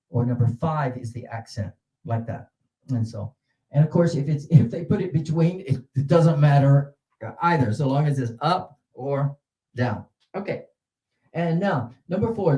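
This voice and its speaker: A man leading a teaching seminar, animated and demonstrative, with sudden jumps in pitch. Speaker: teacher trainer. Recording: roomy echo.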